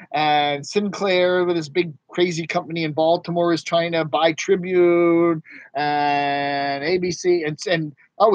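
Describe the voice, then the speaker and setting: A man with a slightly raised, husky voice rambles through a relaxed live chat with his viewers, chuckling between thoughts. The sound is dry and close, with no room echo. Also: a little high. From mid-Atlantic United States. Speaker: live stream host. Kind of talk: casual live chat reading viewer comments. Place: home studio in Northern Virginia.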